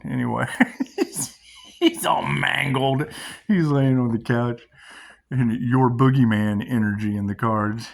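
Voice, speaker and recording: A middle-aged man talks in a loose, rambling monologue that drifts between spiritual musings and stories about his own life. He laughs often, swears casually, and swings his pitch widely when he quotes other people. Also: vocal fry. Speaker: channel host.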